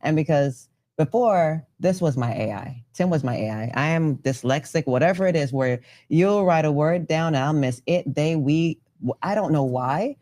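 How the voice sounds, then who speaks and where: A woman's voice: low voice, lively intonation, moderate pace, hardly any pauses, mellow. A woman co-hosting a casual podcast chat, playful and teasing, who acts out little voices as she tells things. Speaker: podcast co-host.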